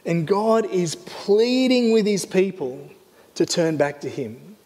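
A man giving a sermon as pastor, earnest and animated, teaching a series. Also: high voice, slow, in a large hall. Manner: earnest, animated, often voices God in quotes.

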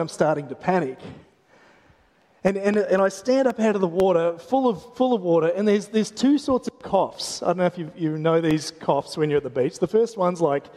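An Australian pastor with a notably high voice delivers a chatty, joking sermon full of restarts and asides. His voice rings with a long reverb from a church hall. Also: dark tone. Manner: chatty storytelling with humor and frequent restarts.

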